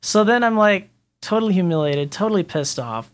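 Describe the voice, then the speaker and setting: Animated man telling a funny story. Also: high voice, fairly quick. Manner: animated, acts out quotes. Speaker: guest. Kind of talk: casual storytelling.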